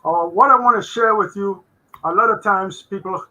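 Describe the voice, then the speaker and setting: An older man with a raspy voice, a guest accountant giving a faith-based finance talk on a video call, halting with many fillers and restarts. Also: high voice, bright, forceful tone, poor audio.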